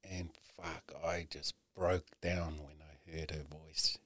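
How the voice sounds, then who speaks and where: Deep-voiced man telling his story candidly. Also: flat delivery, a bit bright, no room sound, studio quality. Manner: earnest, heavy swearing, halting with many "you know"s. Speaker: guest.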